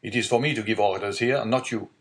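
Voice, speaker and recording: A man's voice: on the low side, fast, fairly bright tone. A man voicing a stern male magistrate who hides his panic in a read-aloud storybook, with a curt, commanding delivery.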